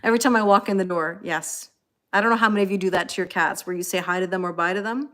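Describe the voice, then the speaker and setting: Running a livestream as a tarot reader, she chats informally with viewers, thanks them by name, and turns to her cats between comments. Her mid-pitched voice is fairly bright and fairly even in intonation, and she speaks quickly.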